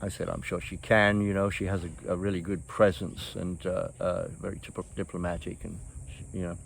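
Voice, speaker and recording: A man's voice: low voice, little pitch movement, normal speed, creaky, slight background noise. Older man rambling through old stories. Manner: rambling, chuckles often, many fillers and restarts. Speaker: host. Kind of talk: casual reminiscing storytelling.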